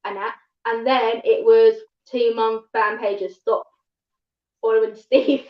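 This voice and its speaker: A woman with a thick southern English accent talks fast and rambles, doubling back on her words. Her voice sits a little high. The sound is echoey and dull, like a room captured on a livestream. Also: fairly even intonation. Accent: southern English, London-tinged. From England, north of London. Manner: fast-talking, rambling with restarts. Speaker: livestream guest. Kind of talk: casual chat.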